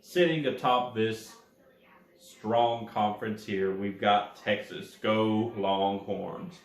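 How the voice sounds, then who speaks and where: A man's voice: fairly low pitch, fairly even intonation, slow pace, echoey room. A man hosting his own college football rankings in a chatty way, talking straight to the teams and correcting his own slips. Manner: chatty, addresses teams directly, corrects himself. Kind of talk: casual sports commentary.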